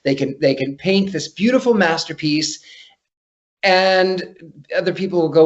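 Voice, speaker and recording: An animated man tells stories with a fairly high voice, stumbling and repeating himself as he gets going. He is a guest on a podcast. The audio is dull and lo-fi. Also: a little slow. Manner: animated, repeats words when starting sentences. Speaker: psychic guest. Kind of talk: casual storytelling interview.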